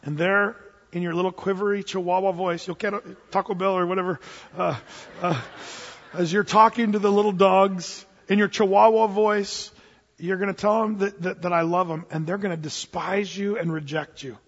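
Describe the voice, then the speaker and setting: A man's voice: high voice, fairly even intonation, normal speed. A man preaching a sermon, telling a story and acting out both sides of a dialogue. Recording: dull lo-fi sound with long hall reverb.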